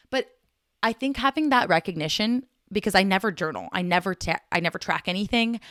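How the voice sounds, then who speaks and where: A woman's voice: on the low side, fairly bright tone, dry recording, clean studio sound. A young woman hosting her own podcast, talking casually in an earnest, rambling, sentimental way. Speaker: podcast host. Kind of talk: casual solo podcast talk.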